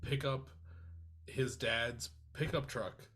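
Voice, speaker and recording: A man's voice: mid-range voice, fairly even intonation, slow, a bit bright, breathy edge. A man from New York, a guest musician, telling a tour story in laid-back casual chat.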